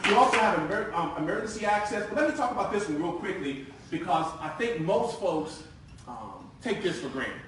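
Male presenter, 40s, lively and joking; bright tense tone, distant mic. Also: high-pitched, brisk, a little hiss or hum. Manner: lively, joking, conversational storyteller. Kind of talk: live sales presentation. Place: meeting room with audience. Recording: very echoey room from far off.

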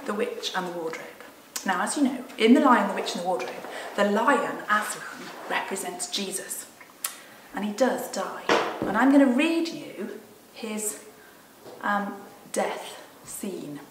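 A woman, a children's Sunday school leader, gently and expressively reading a storybook aloud. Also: mid-range voice, reverberant, slight background noise, rough recording.

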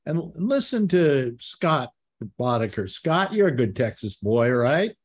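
A man hosting a casual group chat, teasing his guests and telling stories with lively energy. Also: mid-range voice, measured pace. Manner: teasing, animated storyteller. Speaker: host.

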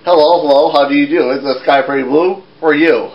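A man's voice: a little high, steady tone, fairly quick, muffled recording, close to an everyday voice. A man voicing a cheery, mischievous talking cat with a singsong delivery in a puppet show.

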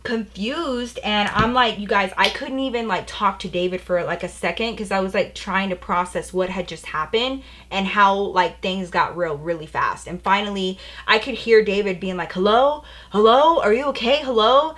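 A woman's voice: mid-range voice, moderate pace, hardly any pauses, sharp tone. A young adult woman chatting casually as she tells a personal story, with lots of "like" and "you know". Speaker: beauty vlogger.

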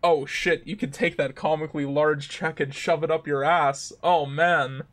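A man live-streaming a video game, reacting out loud in an excitable, swearing way. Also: on the high side, normal speed. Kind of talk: casual live-stream commentary.

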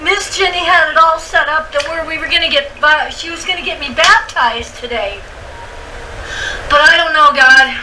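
A woman's voice: high-pitched, normal speed, pushed and bright, far from the mic, a little hiss or hum, low-quality recording. A woman putting on the goofy character Wanda for a children's church comedy sketch, wailing, giggling and praying in a panic. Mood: earnest.

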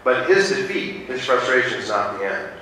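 A male pastor delivers a storytelling sermon, wandering through his points with frequent fillers and restarts. His voice is mid-pitched and bright. He is picked up from a distance in a very echoey sanctuary, with faint noise behind. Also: sing-song, moderate pace. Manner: rambling, with many fillers and restarts. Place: church sanctuary. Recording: distant mic in an echoey church.

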